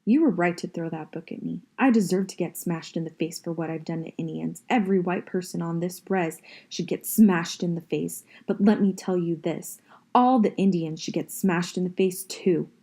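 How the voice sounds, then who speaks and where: A woman's voice: lowish voice, moderate pace, dark tone, breathy edge. A woman reading the lines of an earnest, intense middle-aged male schoolteacher in a book reading. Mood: furious.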